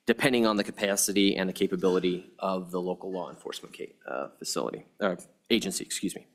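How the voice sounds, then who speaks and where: A man presenting formal testimony to a legislative committee, speaking haltingly with frequent restarts and fillers. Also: fairly low pitch. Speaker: federal regulator presenting to lawmakers.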